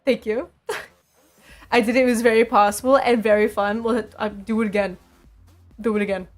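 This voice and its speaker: A woman's voice: fairly high pitch, steady tone, normal speed, soft background music. A young woman streaming, chatting casually with her viewers, laughing often and repeating herself.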